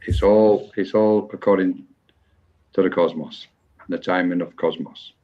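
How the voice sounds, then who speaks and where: A man hosting a live online session and giving a psychic mediumship reading, pausing often and restarting as he searches for words. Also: low voice, fairly even intonation. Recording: dull lo-fi online stream.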